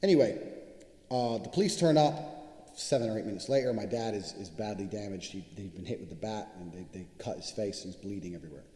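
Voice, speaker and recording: Fast-talking, boastful, profane man. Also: fairly low pitch, warm tone. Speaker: self-promoting speaker addressing viewers. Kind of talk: casual monologue to camera. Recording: roomy with long reverb.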